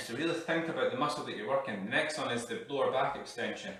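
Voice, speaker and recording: A man's voice: medium pitch, lively intonation, brisk, a bit bright. A man leading a live workout while exercising, out of breath and breathing hard as he talks. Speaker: fitness coach. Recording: echoey room, mic far off.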